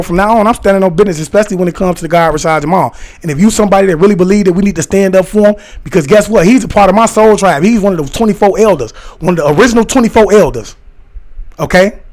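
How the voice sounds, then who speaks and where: A man chatting casually on a livestream, rambling excitedly and talking directly to his viewers and their comments. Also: sits high. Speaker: live streamer talking to chat.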